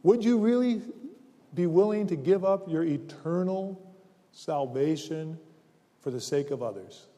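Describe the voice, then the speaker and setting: Guy preaching a sermon, earnest and emphatic, slightly high but mellow voice, big echoey church hall. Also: lively intonation. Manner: earnest, emphatic scripture reading with slow stresses. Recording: long reverb of a large hall.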